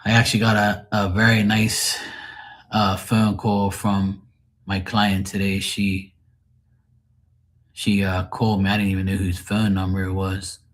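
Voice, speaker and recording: A man casually chatting on a livestream, answering viewers' comments in a rambling way and often clearing his throat. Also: low-pitched, little pitch movement, a little slow. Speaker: livestream host.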